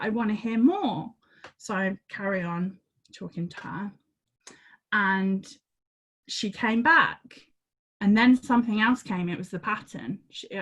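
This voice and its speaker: A woman telling a personal story in a casual, animated way. She acts out her own reactions and repeats words as she goes. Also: mid-range voice. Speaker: community member sharing a story. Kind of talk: casual storytelling on a group call.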